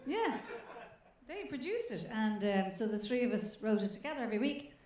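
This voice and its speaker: A woman's voice: fairly high pitch, moderate pace, reverberant. A woman comedian with an Irish accent telling stories in a casual chat, laughing and swearing. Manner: animated, laughing, swearing storytelling. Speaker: comedian guest.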